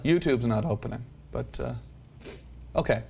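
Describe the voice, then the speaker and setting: A man's voice: mid-range voice, moderate pace, gravelly, mellow, a little hiss or hum. Eager, stammering male talk-show host. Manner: eager, incredulous questioning, stammering restarts. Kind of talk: casual chat, interviewing.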